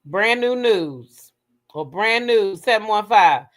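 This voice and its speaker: A woman hosting a casual gossip livestream, talking with her chat, swearing freely and breaking into high shrieks as she retells her reactions. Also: animated, slow, noisy background. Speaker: livestream host.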